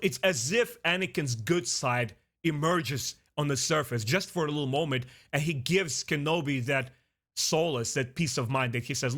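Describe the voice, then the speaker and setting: A man reviewing a TV series in a casual, earnest way, talking straight to his viewers and often pausing with "uh" and restarting. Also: on the high side. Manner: earnest and expressive, talks straight to viewers as "guys"; frequent "uh" fillers and restarts. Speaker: film and TV reviewer. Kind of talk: casual spoken review to camera.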